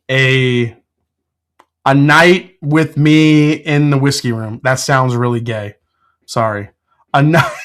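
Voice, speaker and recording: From his home whiskey room, a man with a slightly high, fairly bright voice hosts a casual whiskey live stream, laughing often, swearing freely and answering the chat.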